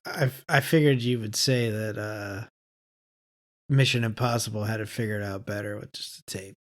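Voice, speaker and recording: A man's voice: lowish voice, steady tone, normal speed. A man co-hosting a movie podcast, chiming in with offhand jokes. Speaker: podcast co-host. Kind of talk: casual movie chat.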